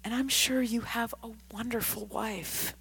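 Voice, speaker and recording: Woman as a kindly elderly gentleman, lilting, gentle, delighted storybook voice. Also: fairly high pitch, fairly even intonation, a little slow, vocal fry, slightly rough, pitched above the performer's own voice, exaggerated voice, low-quality recording. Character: tiny cheerful elderly Japanese gentleman, kindly.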